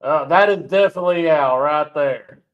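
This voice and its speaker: A man's voice: on the high side, moderate pace, narrow, tinny audio. A man co-hosting a live stream, teasing his partner and laughing often. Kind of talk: casual live-stream banter.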